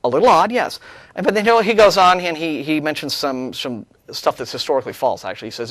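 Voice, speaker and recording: A man co-hosting a studio talk show, talking in a sarcastic, animated way, with many restarts. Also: fairly high pitch, fast talker, no echo. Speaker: co-host. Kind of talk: casual studio discussion.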